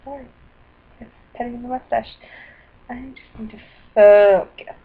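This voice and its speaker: A fairly high-voiced woman rambles through a personal video diary at her computer. She keeps apologizing and jumps between topics, sometimes breaking into excited bursts. The sound is dull and lo-fi, like a built-in webcam mic. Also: measured pace, husky. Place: indoors at a computer.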